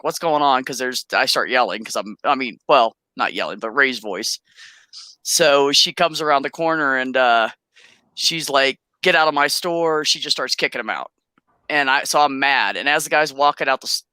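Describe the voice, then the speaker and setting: A woman in casual conversation, talking bluntly and with energy. Her voice is bright and forceful, and the recording is dry with little room sound. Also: extremely low pitch, no room sound. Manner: blunt, animated storytelling with swearing. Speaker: host. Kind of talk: casual chat.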